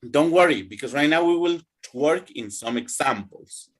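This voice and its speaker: Male English teacher, young, higher voice, slow and animated drilling delivery. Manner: slow, drawn-out teaching with repeat-after-me drills. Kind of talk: online classroom lesson.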